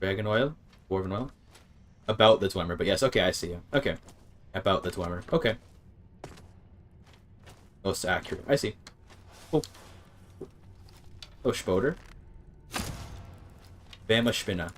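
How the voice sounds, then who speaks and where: Low-voiced man streaming a game casually. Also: lively intonation. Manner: thinks aloud, sounds out words haltingly, swears casually. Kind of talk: casual live-stream gameplay chatter.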